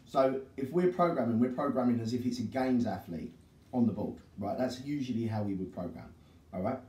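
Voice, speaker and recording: A man's voice: mid-range voice, fairly quick, warm tone. Brash, sweary man in echoey gym. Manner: blunt, sweary, brash banter. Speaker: podcast co-host. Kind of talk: casual chat. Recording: echoey room, distant mic.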